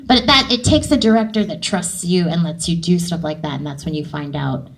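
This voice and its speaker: A voice actress in an interview, telling a story in an animated way and slipping into the voices she plays. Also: lowish voice, brisk, creaky, a little hiss or hum, low-quality recording. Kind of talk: interview anecdote.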